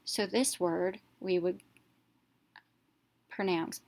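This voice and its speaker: Woman, reading teacher, lowish voice, clear step-by-step narration, sounds out letters. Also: steady tone, a little slow. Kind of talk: scripted narration of a reading lesson.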